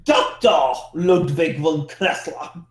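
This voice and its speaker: A man's voice: a little high, slow. A man voicing an eccentric male mad-scientist doctor, theatrical and grandiose, in tabletop role-play. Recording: echoey room.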